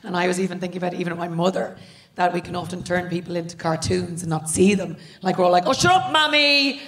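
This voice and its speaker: A woman co-hosting a live podcast on stage, telling quick and animated stories to a hall audience. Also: lowish voice. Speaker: co-host.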